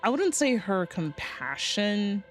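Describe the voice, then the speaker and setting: Speaking slowly in a medium-pitched voice, a woman streamer chats her way through a game's story with many fillers, frequent swearing, and sudden excited bursts. Soft music plays in the background.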